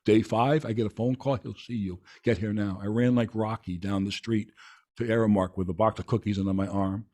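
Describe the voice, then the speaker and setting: A man's voice: lowish voice, steady tone, a little fast, mellow. A man hosting a podcast, chatting casually and telling a long story with many restarts and fillers. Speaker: podcast host. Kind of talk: casual interview chat.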